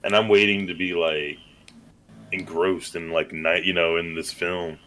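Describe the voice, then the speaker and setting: A man's voice: low voice, little pitch movement, unhurried, a bit bright. A man co-hosting a movie podcast, chatting casually and rambling with lots of fillers and tag questions. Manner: laid-back, rambling, lots of "like" and "right?". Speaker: podcast co-host. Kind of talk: casual chat.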